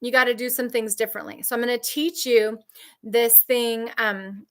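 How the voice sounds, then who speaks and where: A woman's voice: fairly even intonation, normal speed, fairly bright tone. A woman coaching trauma survivors in a candid, emphatic talk, repeating key phrases and answering viewers. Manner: mimics others' voices in high shrill outbursts.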